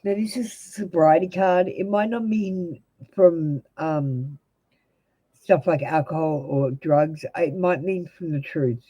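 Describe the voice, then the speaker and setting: A woman's voice: sits low, slow, warm tone, poor audio. An Australian woman giving blunt, direct tarot readings to viewers on a live stream. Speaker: tarot reader.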